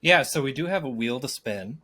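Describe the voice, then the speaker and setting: A man's voice: mid-range voice, expressive, moderate pace, pushed and bright, breathy edge. A young man on a podcast, reading out listener-submitted topics in an easygoing, casual way. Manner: reads out listener messages, easygoing. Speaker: podcast co-host running the topic wheel.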